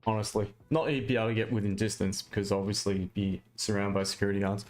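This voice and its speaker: A man's voice: on the low side, little pitch movement, fast. A man with an Australian accent, chatting casually and bluntly on a live trading stream, ranting with mild swearing.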